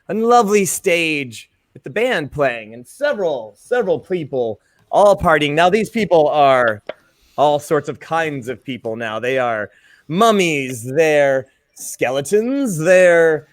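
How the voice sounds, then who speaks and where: A man runs a tabletop game, describing the scene in a slow, easygoing way. His voice sits a little high for a man, and he chuckles between lines. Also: no echo. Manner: unhurried, chuckling. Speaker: game master.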